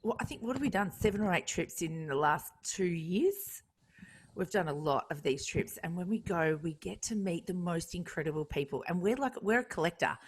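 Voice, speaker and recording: A woman, co-hosting a radio show in a bubbly, fast-moving casual chat that jumps between thoughts. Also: on the low side, expressive, slight background noise. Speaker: radio co-host.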